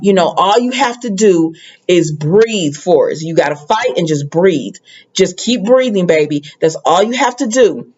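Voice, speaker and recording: A woman voicing a caring mother gently urging her hurt daughter to keep fighting. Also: lowish voice, lively intonation, unhurried, breathy edge, dull audio. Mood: pleading. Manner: soft, pleading encouragement.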